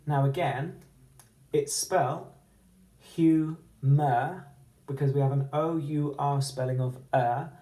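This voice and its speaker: A man teaching a phonics lesson, slowly sounding out letters and words. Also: mid-range voice, steady tone, mellow, roomy sound, poor audio. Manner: slow, deliberate, sounding out letters.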